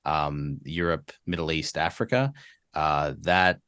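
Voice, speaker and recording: An Australian man with a very low voice talks casually as a podcast guest, animated and rambling, full of fillers and restarts. His voice is recorded close and dry, with no room around it. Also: slow, clean tone, no room sound. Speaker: voice actor guest.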